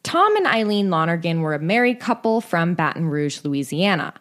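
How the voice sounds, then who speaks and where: A woman's voice: lowish voice, very animated, normal speed, a bit bright. A young woman hosting a podcast, telling a true story in a casual, chatty way, full of "like" and restarts, sounding tired. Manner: chatty, many likes and restarts. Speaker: podcast host.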